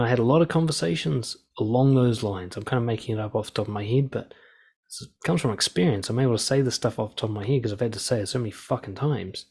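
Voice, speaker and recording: A man in his thirties, a coach giving blunt, calm advice and swearing freely. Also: medium pitch, slightly rough. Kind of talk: casual advice talk.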